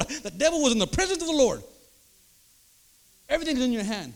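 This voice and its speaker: An older man preaching a sermon, emphatic, checking in with the crowd through quick rhetorical asides. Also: extremely high pitch, sing-song, gravelly. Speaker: pastor.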